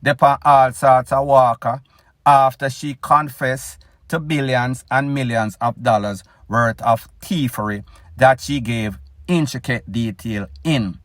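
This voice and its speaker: A man's voice: medium pitch, unhurried, fairly bright tone, dry recording, clean studio sound. A man with a Jamaican accent hosting his own news commentary show, opinionated and addressing his listeners directly. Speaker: news blogger host.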